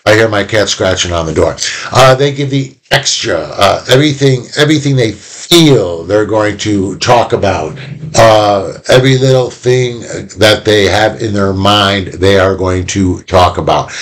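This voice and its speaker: A man teaching viewers from home in a casual, animated way, acting out examples as he explains. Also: fairly low pitch, measured pace. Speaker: instructor. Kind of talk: recorded lecture to viewers.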